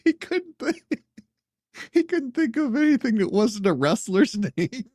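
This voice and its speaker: Giggly man with very lively pitch. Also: unhurried, no echo, clean studio sound. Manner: laughs often, giggly and teasing. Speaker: host. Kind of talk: casual news commentary.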